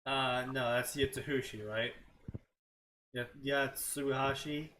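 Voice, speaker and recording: A man's voice: mid-range voice, steady tone, slow, pushed and bright, a little hiss or hum, low-quality recording. A man co-hosting a stream, reading fanfiction aloud and skimming parts with mocking "blah, blah" asides. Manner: skims text with mocking "blah, blah". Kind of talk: casual stream commentary.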